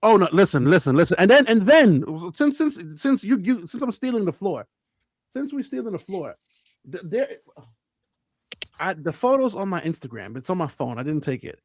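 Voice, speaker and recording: A man's voice: high-pitched, big pitch swings, normal speed, no room sound. A man co-hosting a casual show, telling stories and acting out what people said in changing voices. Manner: acts out quotes in different voices, laughs a lot. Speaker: podcast co-host. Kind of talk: animated storytelling chat.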